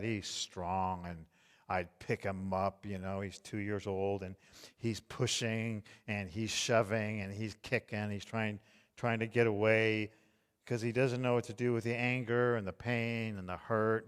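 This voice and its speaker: A middle-aged man preaching a tender, hushed sermon as pastor. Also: on the low side, clear, resonant tone, big-room sound. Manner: slow, tender, hushed delivery.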